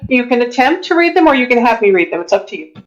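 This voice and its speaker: A woman narrating a tabletop game as game master, in a measured, descriptive storytelling manner, heard over lo-fi call audio. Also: on the high side.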